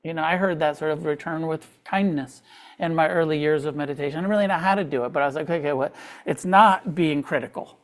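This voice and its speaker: A man teaching meditation to a live group, talking loosely with fillers and restarts, often trailing off quietly. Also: on the high side, quick pace. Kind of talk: dharma talk to a live group. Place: meditation hall with a live audience.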